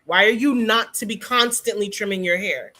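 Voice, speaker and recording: A woman hosting a casual hair care livestream, teaching and teasing viewers by name in an animated way. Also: mid-range voice, moderate pace.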